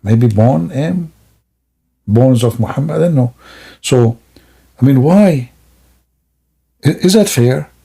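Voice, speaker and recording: Gravelly, husky man mocking on a stream. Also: mid-range voice, dark tone. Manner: sarcastic, rambling, laughs at own jokes. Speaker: livestream host. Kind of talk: mocking comedic commentary.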